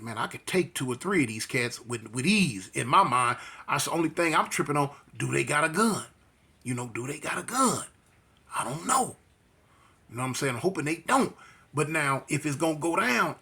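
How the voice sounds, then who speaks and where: A man telling a street fight story in slangy, animated talk, acting out voices and punch sounds. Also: fairly high pitch, breathy edge.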